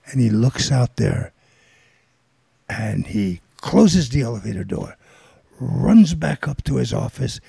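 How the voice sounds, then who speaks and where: Gravelly older man telling a story. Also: medium pitch, slow pace, pauses often, no room sound, clean studio sound. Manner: rambling, animated storytelling with quoted voices. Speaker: guest storyteller. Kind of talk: casual anecdote telling.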